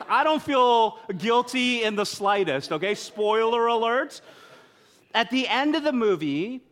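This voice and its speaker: A man's voice: high voice, fairly bright tone. A pastor preaching an earnest, conversational sermon to his congregation, joking with them between serious points.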